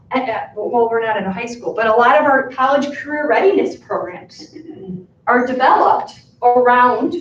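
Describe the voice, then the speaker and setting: A woman teacher giving a talk to fellow educators, telling classroom stories in a lively way and acting out the dialogue. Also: high-pitched, far from the mic, slight background noise. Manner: lively storytelling that acts out dialogue. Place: school presentation room. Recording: echoey room, voice from afar, muffled sound.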